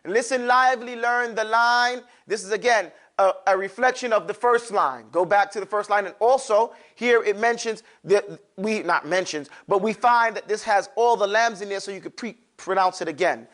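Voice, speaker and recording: A man's voice: sits high, moderate pace, fairly bright tone. A man teaching a classroom lesson, drawing out sounds for students to repeat and adding playful asides. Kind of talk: classroom lesson with call-and-response drills.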